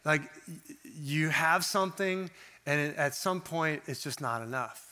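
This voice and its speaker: A man preaching a sermon in a conversational, animated way, acting out the voices he quotes. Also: a little high, a little slow. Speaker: pastor.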